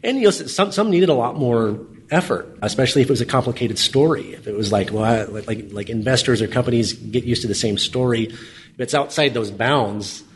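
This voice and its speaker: A man speaking as a podcast guest in a casual interview, halting and restarting often, full of "you know" fillers. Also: medium pitch, slight background noise. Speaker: podcast guest, energy company co-founder.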